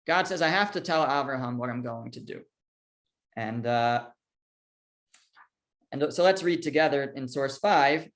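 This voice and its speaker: A rabbi teaching a casual class, reading verses aloud and explaining them conversationally with fillers and restarts. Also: male voice, mid-range voice. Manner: conversational, with fillers, restarts, and lively quoted dialogue.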